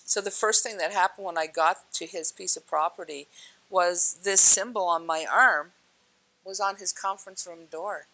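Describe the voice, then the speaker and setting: A woman telling spiritual experience stories in an animated, casual way, laughing often and acting out what people said. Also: fairly low pitch, normal speed, rough recording. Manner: laughs often, acts out quoted lines with big swings. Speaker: speaker sharing spiritual experiences. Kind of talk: animated storytelling.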